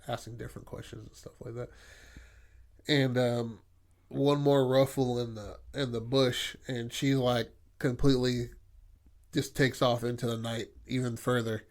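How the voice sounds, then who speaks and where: A male podcast co-host talks through a story idea in a loose, rambling way. He swears freely and leans on fillers like "like" and "you know". His voice sits at an average pitch. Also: flat delivery, unhurried, darkish tone. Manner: rambling, profane, filler-heavy. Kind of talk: casual brainstorming chat.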